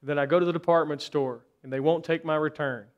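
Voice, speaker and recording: A man delivers a sermon in a church, his voice sitting a little higher than most men's. He presses the congregation with repeated rhetorical questions and swells into sudden surges of force before dropping back down. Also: fairly even intonation, a little fast, highs cut off. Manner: rhetorical questions, rising intensity in bursts. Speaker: pastor.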